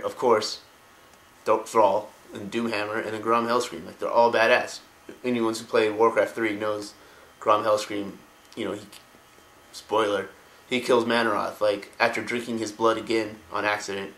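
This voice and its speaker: A man casually retelling game lore in an excitable, slangy, profane way. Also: lowish voice. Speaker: lore video host. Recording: echoey room.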